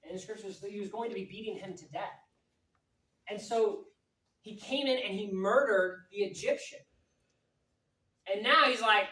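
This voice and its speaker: A woman preaching a lively, jokey, conversational sermon to young people in a meeting hall. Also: medium pitch, moderate pace. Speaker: youth pastor. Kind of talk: youth sermon. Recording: roomy echo from a distant mic, faint noise.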